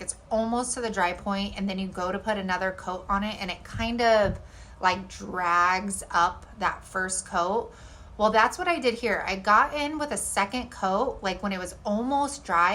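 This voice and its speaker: A woman's voice: mid-range voice, fairly bright tone, a little hiss or hum. A young woman host of a craft channel, narrating a do-it-yourself tutorial in a chatty, rambling way, full of "like" and "y'all". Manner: bubbly, rambling, lots of "like" and "y'all".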